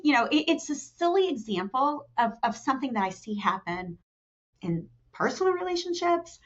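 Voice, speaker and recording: Speaking at normal speed, a middle-aged woman who works in talent development tells lively stories during a conversational podcast interview. She voices quotes with pitch jumps, restarts frequently and leans on "you know," with the recording coming across dull and lo-fi.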